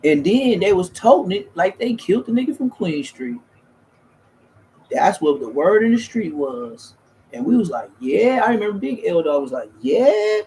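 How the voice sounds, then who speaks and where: A man's voice: high voice, sing-song, moderate pace, warm tone, a little hiss or hum. A man, telling rambling, slangy, profane stories as a streamer in casual chat. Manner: profane, slangy, loose and restarting.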